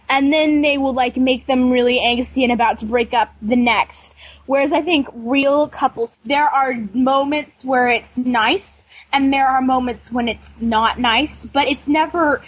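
Woman co-host, husky voice, opinionated and joking, dull call audio. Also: high-pitched, no room sound. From United States. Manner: opinionated, self-deprecating, chatty. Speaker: podcast co-host. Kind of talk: casual fan podcast chat.

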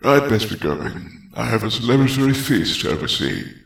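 Man voicing gentle elderly headmaster, deep and gravelly, measured. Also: very animated, reverberant, full character voice. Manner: measured and polite. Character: calm, courteous elderly male headmaster. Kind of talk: audiobook fan fiction reading.

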